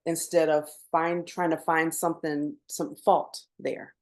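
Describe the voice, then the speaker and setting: A woman co-hosting a podcast, talking through a pet peeve in an unhurried, thoughtful way with laughing asides. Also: low voice, level tone, darkish tone. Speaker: podcast co-host. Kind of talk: casual chat.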